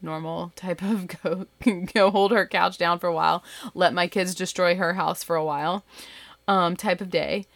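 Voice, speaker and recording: Woman in her 30s, low voice, rambly casual storytelling from her bedroom, dry close sound. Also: steady tone, moderate pace, vocal fry, fairly bright tone, dry recording. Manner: chatty, rambling, full of asides and "like". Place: bedroom at home.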